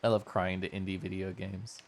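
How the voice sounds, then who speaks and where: A man's voice: low-pitched, brisk, gravelly. A man streaming a game live, commenting as he plays and laughing often as he talks. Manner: animated, laughs often while talking. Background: faint game music.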